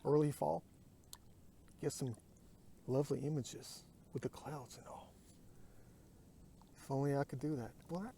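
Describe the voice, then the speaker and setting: A man's voice: a little high, fairly even intonation, a little slow, gravelly, pauses often, mellow, a little hiss or hum. A man vlogging from his kayak on a lake, musing aloud into his phone and drifting into murmurs and whispers. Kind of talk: rambling outdoor vlog.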